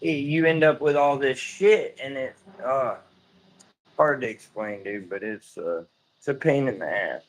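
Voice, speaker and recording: A man's voice: mid-range voice, unhurried. A man streaming live from home, chatting casually in a loose, rambling way, swearing offhand and calling everyone "dude".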